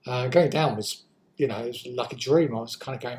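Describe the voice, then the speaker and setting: A woman's voice: very deep voice, brisk, a little mellow, poor audio. A woman in her sixties with an English accent, vlogging in a rambling, self-deprecating way and swearing freely. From England. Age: 60s. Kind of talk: casual talk to camera.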